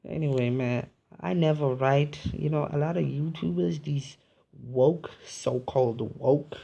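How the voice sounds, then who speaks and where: A man talks straight to his viewers in a loose, wandering monologue, circling through his thoughts and asking if they follow. His voice is husky and breathy, with a gravelly fry that runs through his speech. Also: a little high, a little slow, mellow, highs cut off. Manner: rambling, philosophical, peppered with "you feel me" and "man". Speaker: vlogger. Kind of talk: casual monologue.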